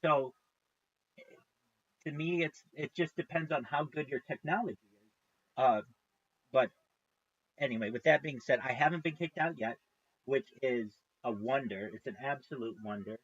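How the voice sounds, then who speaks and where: A man's voice: mid-range voice, moderate pace, pauses often, slightly rough. Rambling man on a lo-fi stream. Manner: rambling, restarts, swears freely. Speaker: live streamer. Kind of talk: casual live-stream chat.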